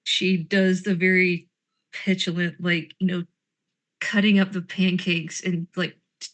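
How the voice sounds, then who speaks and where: A woman's voice: lowish voice, flat delivery, unhurried, a bit bright. A woman playing a tabletop game, talking in character in a grumbling, sarcastic, rambling way. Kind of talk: in-character role-play chat.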